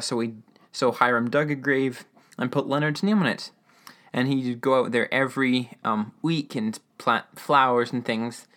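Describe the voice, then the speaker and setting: A man's voice: medium pitch, fairly bright tone. A man casually recapping a radio-drama episode, rambling with lots of fillers and enthusiastic asides.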